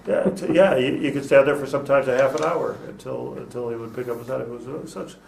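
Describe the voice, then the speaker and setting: A man's voice: mid-range voice, fairly even intonation, fast, gravelly. An older man, a rabbi, giving an informal class in a conversational, digressive way, full of stories and Hebrew terms. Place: classroom with small group. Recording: echoey room, distant mic, faint noise.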